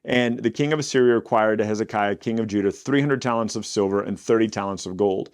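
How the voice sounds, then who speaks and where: A man's voice: on the low side, fast talker, clear, resonant tone. A man reading Bible passages aloud and stopping to explain them in a casual, conversational way. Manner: reads scripture aloud, breaks off to explain in casual slang. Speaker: Bible teacher.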